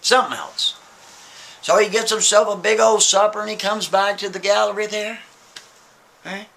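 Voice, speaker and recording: A man's voice: sits high, moderate pace, creaky, a bit bright. A man telling a spooky story in a casual way, often checking in with the listener. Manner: casual, keeps asking "right?".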